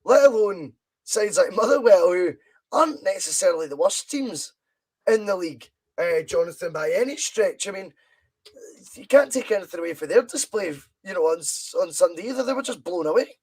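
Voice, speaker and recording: High-voiced Scottish man, animated football chat. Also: moderate pace, husky. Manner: animated, interjecting and teasing. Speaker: podcast host.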